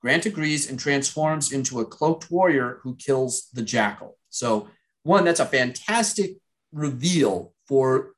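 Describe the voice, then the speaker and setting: A man co-hosting a podcast who recaps and discusses a TV series in a measured way. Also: medium pitch, lively intonation, fairly bright tone. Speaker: podcast co-host. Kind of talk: casual chat reviewing a TV series.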